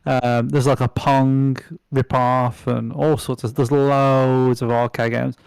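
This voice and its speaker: A man's voice: medium pitch, flat delivery, takes it slowly, vocal fry, darkish tone, clean tone, no room sound. A man chatting casually as a podcast guest, rambling with lots of fillers, restarts and swearing. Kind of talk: casual chat.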